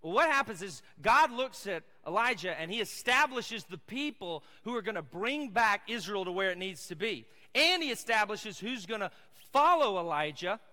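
A man's voice: high voice, very animated, normal speed, few pauses. Emphatic male pastor in an echoey hall. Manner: emphatic, swinging from loud to hushed. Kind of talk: sermon. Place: church sanctuary.

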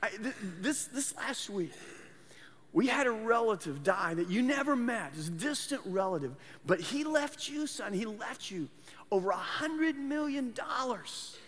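A man voicing a gentle father soothing his young son, speaking softly in a sermon story. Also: very high-pitched, expressive, measured pace, heavily acted. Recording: long hall reverb.

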